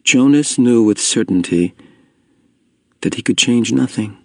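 A man reading a story aloud in steady, measured scripted narration. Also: mid-range voice, no echo, studio quality. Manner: steady, measured reading, slowing at heavy moments. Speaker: audiobook narrator.

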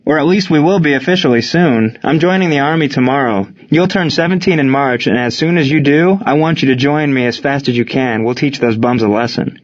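A man's voice: medium pitch, a little fast, few pauses, dull audio, voice pushed up, natural voice. A man voicing a hot-tempered young man who is eager to go to war and speaks in an agitated way. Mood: fired up. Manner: shouting, agitated.

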